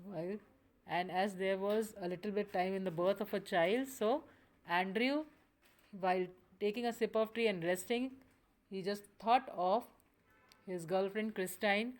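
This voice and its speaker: Slow-paced woman explaining a story. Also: mid-range voice, a little mellow. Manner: slow, with restarts and self-corrections. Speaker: teacher. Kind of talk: reading and explaining a story text.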